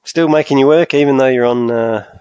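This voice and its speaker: A man's voice: mid-range voice, brisk, warm tone, clean tone, no echo, muffled recording. A man hosting a casual podcast chat in an easygoing, agreeable way. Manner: easygoing, agreeable, lots of "yeah". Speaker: podcast host.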